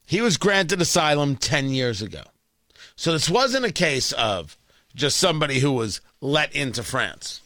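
A man's voice: on the high side, big pitch swings, a little slow, bright, forceful tone, no echo. A man hosting a talk radio show, delivering a blunt, opinionated monologue with sarcastic asides from a studio mic.

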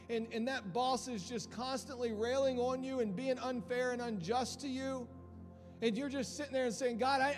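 A man preaching a sermon with impassioned delivery, repeating phrases as he builds from quiet to loud. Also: extremely high pitch. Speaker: pastor. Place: church hall. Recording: long hall reverb with faint music.

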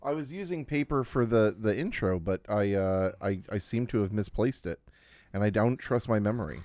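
A man's voice: lowish voice, animated, moderate pace, darkish tone, no room sound. A man hosting a podcast from home, talking in a chatty, rambling way as he tells a story. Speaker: podcast host. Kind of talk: casual podcast chat.

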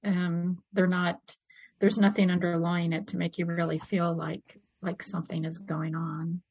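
A woman's voice: lowish voice, little pitch movement, measured pace, vocal fry, a little mellow, slightly rough, dry recording, poor audio. A woman co-hosting a casual review podcast, talking in a thoughtful, analytical way. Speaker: podcast co-host.

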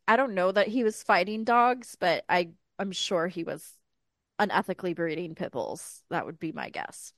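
A woman in her thirties co-hosts a podcast, retelling a life story in casual conversation with a smooth, public-radio-style voice and wry, deadpan asides. Her pitch is medium, and the recording is dry.

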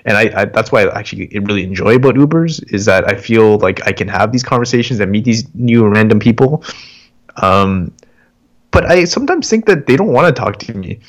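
A man co-hosting a casual chat, relaxed and a bit hesitant, often restarting his sentences. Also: fairly low pitch, brisk. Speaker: podcast co-host.

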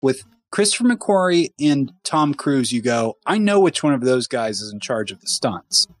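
A man co-hosting a movie podcast, chatting casually and joking with quick put-on voices. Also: medium pitch, very animated. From Kentucky. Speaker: podcast co-host. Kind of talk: casual chat.

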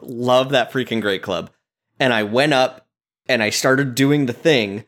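A man who is a father, co-hosting a casual gaming podcast and telling relaxed, keen stories about his play. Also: medium pitch, a little slow. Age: adult, a parent. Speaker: podcast co-host.

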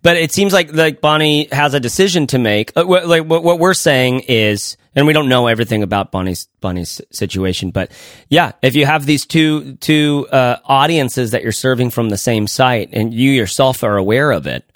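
A man's voice: mid-range voice, animated, normal speed, no echo, clean studio sound. A man co-hosting a casual podcast, rambling with lots of restarts and frequent laughs. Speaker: podcast co-host.

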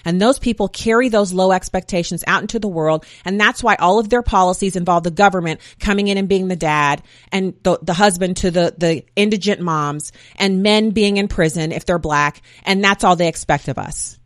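A middle-aged woman speaking in an opinionated monologue, animated storytelling that acts out quotes and builds to emphatic points. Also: on the low side, moderate pace, hardly any pauses, dry recording, studio quality. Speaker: commentator sharing opinions.

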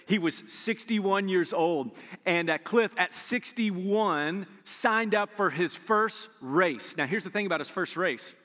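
A man preaching a sermon as pastor, animated and acting out his listeners' replies. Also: high voice, takes it slowly, in a large hall.

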